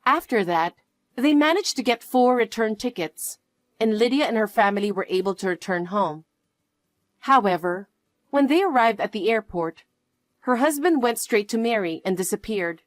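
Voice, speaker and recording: A woman's voice: fairly high pitch, lively intonation, moderate pace, no room sound. A woman narrating a scripted first-person story in a cool, matter-of-fact way.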